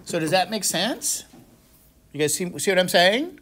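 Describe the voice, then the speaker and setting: A man teaching a classroom lecture who keeps asking the class questions to check they follow, with sudden animated exclamations. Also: high-pitched, normal speed. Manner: asks the class frequent questions, checking understanding. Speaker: math instructor.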